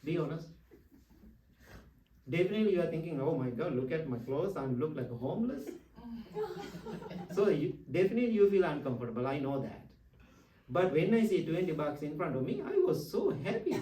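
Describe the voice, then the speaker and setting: A man's voice: on the high side, animated, fairly quick, long pauses, dark tone. A man from Sri Lanka, a Buddhist monk giving a dharma talk full of stories, playful and teasing as he questions his listeners. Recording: echoey room, far from mic.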